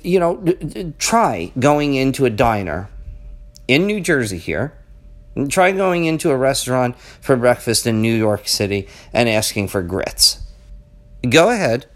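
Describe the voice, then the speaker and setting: A middle-aged male vlogger with a mid-range voice rambles and muses aloud in a casual, off-the-cuff monologue. His talk is conversational, sprinkled with "okay?" and "you know," and punctuated by emphatic rhetorical questions.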